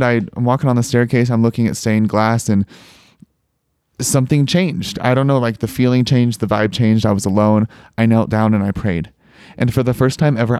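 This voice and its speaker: A young man telling a personal story as a podcast guest, earnest and animated, with many filler words. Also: mid-range voice, clear, resonant tone, no room sound, studio quality. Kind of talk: conversational storytelling.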